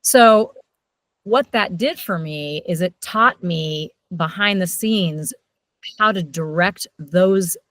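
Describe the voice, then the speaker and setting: A woman's voice: lowish voice, dry recording. A middle-aged woman, a voiceover coach, telling stories animatedly in a casual interview. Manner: animated storyteller, quick shifts in loudness.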